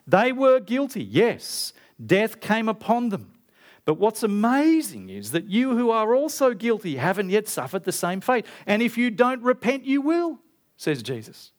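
Emphatic Australian man preaching. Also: measured pace. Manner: emphatic, rising to loud animated stresses and quoting Jesus with big pitch jumps. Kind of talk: sermon.

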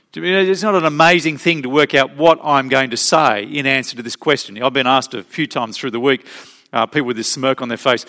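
A man preaching a sermon as pastor, emphatic, slowing down to stress key phrases. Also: medium pitch, fairly bright tone. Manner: emphatic, varied pace with slow stressed phrases.

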